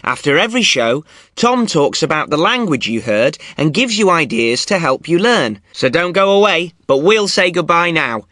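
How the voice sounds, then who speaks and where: Bright-voiced man podcast host. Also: a little high, sing-song, normal speed, dry recording, clean studio sound. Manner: clear, friendly presenting. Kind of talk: scripted learner podcast.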